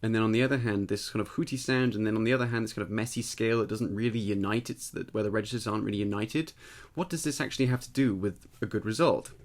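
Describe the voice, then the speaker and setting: A man giving a casual spoken singing lesson, explaining step by step and checking in with the listener, his voice tired and slightly husky. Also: lowish voice, fast. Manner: explanatory, conversational, often checks in with "right?". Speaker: voice teacher.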